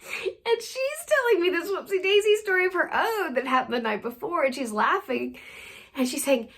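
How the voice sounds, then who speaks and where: Speaking at normal speed in an extremely high, animated voice, this wellness podcast host tells a funny story as a casual monologue, laughing frequently. Her wrap-up is gentle, soft and soothing.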